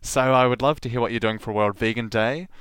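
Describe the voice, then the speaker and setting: A man's voice: medium pitch, fairly quick, a bit bright, smooth, no echo. A man hosting a podcast, talking casually and poking fun at himself with frequent laughs. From New Zealand. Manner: chatty, self-mocking, laughing often. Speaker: podcast host. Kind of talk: casual solo monologue.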